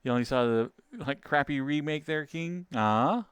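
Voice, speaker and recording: Male streamer, relaxed rambling chatter with viewers, laughs a lot, smooth voice, dry close sound. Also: fairly high pitch, normal speed, no echo. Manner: rambling, laughs often, loses his train of thought. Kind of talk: casual livestream chat with viewers.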